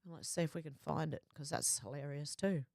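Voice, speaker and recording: An Australian woman hosting a livestream, chatting casually and reading viewer comments aloud in a lively quoting voice. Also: low voice, fairly quick, dry recording, clean studio sound. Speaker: livestream host.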